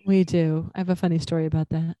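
A woman's voice: deep voice, little pitch movement, fast talker, dark tone, dry recording, studio quality. A woman co-hosting a podcast, chatting casually and agreeing enthusiastically. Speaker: podcast co-host, author. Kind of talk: casual chat.

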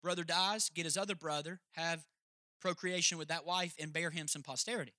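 Bright, high-voiced pastor preaching. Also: male voice, steady tone, brisk, dry recording, studio quality. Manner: emphatic, jokey, talks straight to the congregation. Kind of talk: sermon.

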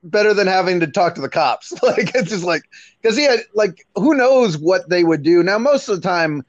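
A man's voice: high-pitched, expressive, normal speed, dry recording, dull audio. A man, a stand-up comedian, chatting casually and hesitantly on a podcast, talking from a pizza restaurant. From Texas, US. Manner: laid-back, hesitant, many likes. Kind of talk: casual chat. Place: Pizza Hut, away from home.

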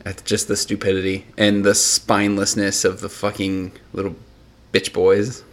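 A man's voice: fairly low pitch, monotone, moderate pace, a bit bright. A man co-hosting a podcast in casual chat, who speaks bluntly and swears freely. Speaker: podcast co-host.

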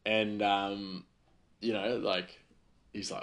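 A man's voice: on the low side, flat delivery, unhurried, long pauses, a bit bright. Rambling man telling kitchen stories. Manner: chatty, rambling, lots of fillers. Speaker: podcast host. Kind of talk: casual storytelling.

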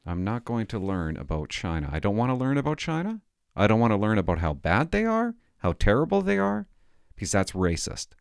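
A man's voice: lowish voice, big pitch swings, fairly quick, smooth, no echo, clean studio sound. Sarcastic man scoffing at headlines. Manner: sarcastic, mock-indignant, reads headlines aloud then scoffs. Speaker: commentator reading a newspaper aloud. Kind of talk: sarcastic mock-outraged commentary.

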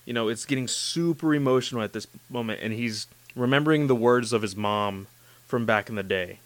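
Excitable guy, smooth voice. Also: medium pitch, fairly quick, dry recording. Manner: excitable, gushing, heavy use of "like" and "you know". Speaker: podcast host discussing anime. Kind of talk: casual chat.

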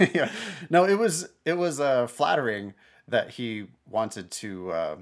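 A middle-aged man co-hosting a casual podcast, talking in an animated way, laughing and often breaking off to restart his sentences. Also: medium pitch, takes it slowly. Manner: animated, laughing, self-interrupting. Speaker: podcast co-host.

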